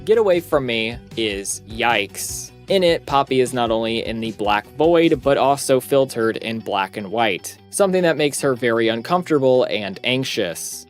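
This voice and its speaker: Man, mid pitch, video essay narration, scripted, casual wry asides, faint background music.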